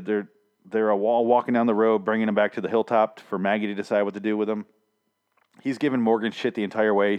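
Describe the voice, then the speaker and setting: A young man with a voice going hoarse gives a profane, rambling, exasperated recap of a TV episode. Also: fairly low pitch, a little mellow. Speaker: show recapper. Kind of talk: casual ranting recap.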